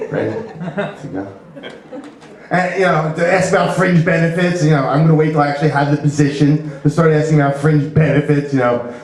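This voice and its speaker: A man doing stand-up comedy, rambling through his jokes with lots of "you know" asides. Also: fairly high pitch. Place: comedy club stage. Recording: echoey club from far off.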